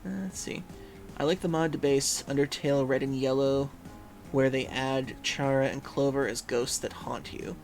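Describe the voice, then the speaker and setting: A man's voice: mid-range voice, fairly even intonation, moderate pace, faint music behind. A man hosting a livestream in casual chat, reading viewers' messages aloud and musing with frequent hums and fillers. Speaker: livestream host.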